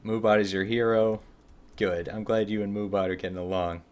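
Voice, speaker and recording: A relaxed man talks casually through a game on a live stream, answering viewer chat as he plays. His voice sits fairly low. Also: fairly quick.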